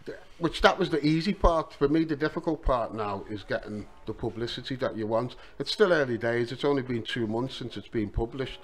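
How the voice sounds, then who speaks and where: A man's voice: mid-range voice, fairly quick, hardly any pauses. Chatty middle-aged Liverpool man. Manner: relaxed storytelling with many "you know" asides. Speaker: author and taxi driver. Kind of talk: casual podcast chat.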